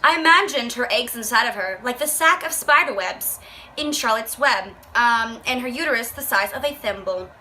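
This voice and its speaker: A woman's voice: fairly high pitch, animated, moderate pace, pushed and bright, slight background noise, poor audio. A young woman vlogger reading a book aloud and reacting with profane, exasperated commentary. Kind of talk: casual rant, reading aloud.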